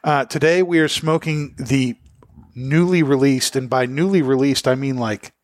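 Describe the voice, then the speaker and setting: A man's voice: mid-range voice, moderate pace, dry recording. A man hosting a casual cigar podcast, rambling with plenty of "uh" and "you know", from a small podcast studio. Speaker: podcast host. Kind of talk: casual chat about cigars.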